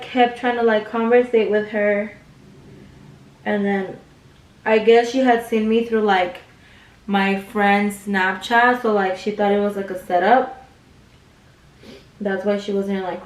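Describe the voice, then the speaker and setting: A woman's voice: medium pitch, a little mellow, a little hiss or hum. A young woman vlogger telling a story while doing her makeup, chatty, swearing freely and saying "like" all the time. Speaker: beauty vlogger. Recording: roomy sound, mic at a distance.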